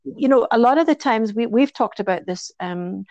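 A woman's voice: a little high, expressive, normal speed, a little mellow, no room sound. Woman, casual chat, reflective and rambling, dull lo-fi sound, dry. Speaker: podcast co-host.

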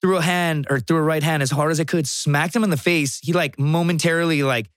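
A man on a podcast telling stories with a lot of swearing. His voice sits fairly high for a man and gets lively when he acts out other people. The sound is close and dry. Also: brisk, no room sound. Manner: animated storytelling, profane, acts out voices. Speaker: guest, stand-up comedian. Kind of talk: casual podcast chat.

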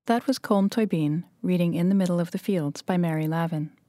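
Mellow woman reading an outro. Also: lowish voice, a little fast, no room sound. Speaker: podcast host. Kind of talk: scripted outro.

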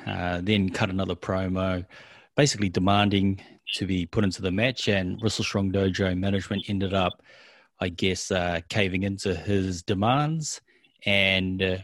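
A man with a New Zealand accent, co-hosting a show and casually recapping events step by step with frequent pauses. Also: low-pitched, dry recording. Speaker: co-host of a wrestling recap show. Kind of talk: casual chat.

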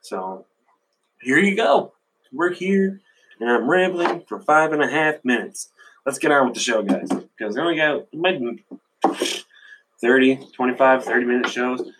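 A man's voice: mid-range voice, lively intonation, moderate pace, pauses often, fairly bright tone, slight background noise, poor audio. A man hosting a solo podcast with a runny nose, rambling casually, swearing a lot and laughing at himself. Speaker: podcast host.

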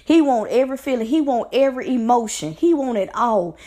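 A woman's voice: a little high, animated, brisk, mellow. A woman life coach giving an earnest, preacher-like pep talk on faith, repeating phrases for emphasis. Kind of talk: motivational faith talk to camera.

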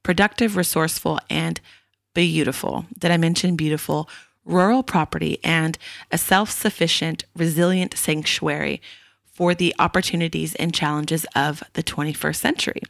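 A woman's voice: deep voice, steady tone, moderate pace, vocal fry, no room sound, studio quality. A woman hosting a podcast, reading an ad and chatting in an upbeat way with frequent laughs. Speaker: podcast host. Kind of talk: casual podcast chat and read ad. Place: Australia.

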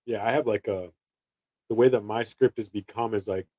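A man's voice: fairly low pitch, fairly even intonation, normal speed, mellow, no room sound, rough recording. A man in his thirties, a salesman, chatting casually and rambling through stories with many restarts. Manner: rambling, restarts sentences, acts out quotes. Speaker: door-to-door salesman. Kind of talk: casual chat.

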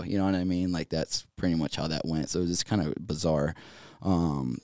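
A man from North Carolina, a podcast guest telling his story casually, animated, with lots of fillers and laughs. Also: sits low, fast, no room sound, studio quality. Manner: animated, laughs often, filler-heavy, acts out quoted dialogue.

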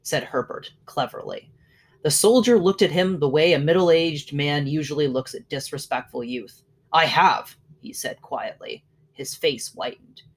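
A narrator reading a classic short story aloud in a measured way, letting lines trail off. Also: mid-range voice.

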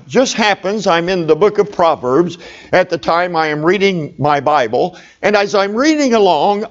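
Through a muffled recording comes the high-pitched voice of a middle-aged male pastor. He tells a humorous personal story in a folksy manner, addressing his congregation directly.

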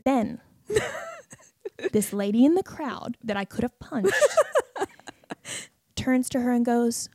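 A woman from Australia co-hosting a casual podcast, a lively storyteller with a gravelly, fry-edged voice who acts out the people in her stories and laughs often. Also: a little high, takes it slowly, long pauses, no room sound, clean studio sound. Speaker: podcast co-host.

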